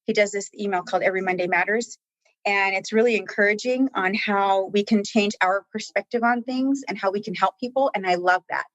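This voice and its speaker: A woman's voice: medium pitch, a little fast, no room sound. A woman who talks with staff at a coaching office, telling stories in an earnest, heartfelt way and close to tears. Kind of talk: emotional conversational interview.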